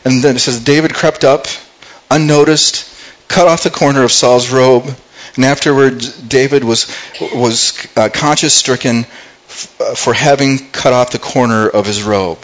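Reading from scripture and then retelling it in acted character voices, a pastor delivers his sermon with frequent repeated words and restarts. He speaks in a steady, unhurried, mid-range voice on a rough recording.

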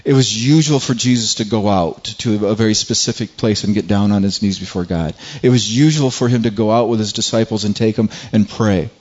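A man preaching a sermon as a pastor, often repeating his words and climbing higher in pitch when he presses a point. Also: fairly quick, few pauses, a little mellow, muffled recording.

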